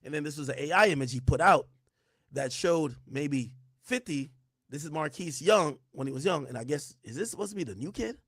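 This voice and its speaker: A man hosting a livestream, talking casually to chat in slangy speech, hoarse and losing his voice. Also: fairly high pitch, expressive, a little fast, fairly bright tone, dry recording, studio quality. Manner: slangy, loose, switches to whispering. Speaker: livestream host.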